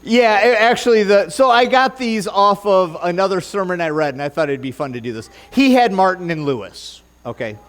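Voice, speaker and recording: A man's voice: high-pitched, animated, normal speed, hardly any pauses, fairly bright tone. A man preaching a sermon in church, joking and bantering with the congregation and stumbling over his notes. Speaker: pastor.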